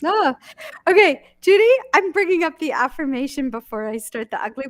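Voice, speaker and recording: A woman minister leading a church service, speaking with halting restarts and soft laughs. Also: high-pitched, lively intonation, no room sound, studio quality. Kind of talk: emotional casual thanks in an online church service.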